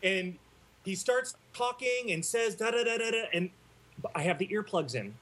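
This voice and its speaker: Animated storytelling man, higher voice. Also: moderate pace. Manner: animated, laughing anecdotes. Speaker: actor guest. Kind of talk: casual storytelling.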